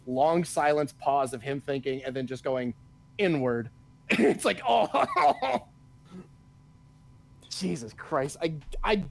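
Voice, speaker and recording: A man's voice: medium pitch, creaky. Profane ranting man. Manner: profane, ranting, laughs often. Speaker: podcast co-host. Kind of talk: casual chat.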